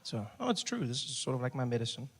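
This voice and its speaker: A man performing stand-up comedy, swinging between a hushed, soft voice and loud, lively bursts. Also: mid-range voice, quick pace, husky. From South Africa. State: recovering from voice loss.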